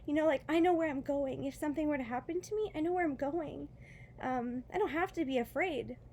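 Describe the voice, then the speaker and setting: A woman's voice: high-pitched, brisk, darkish tone, a little hiss or hum. Earnest woman telling a faith testimony. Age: adult with children. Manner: earnest, laughs often, many fillers and restarts. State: in pain after foot surgery. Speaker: vlogger sharing a testimony. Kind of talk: casual personal testimony.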